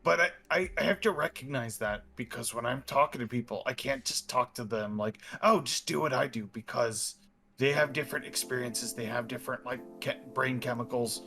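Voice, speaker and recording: A man's voice: medium pitch, fairly quick, creaky, sharp tone, faint music behind. A man talking casually as a guest, rambling and stammering through restarts. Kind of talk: casual chat.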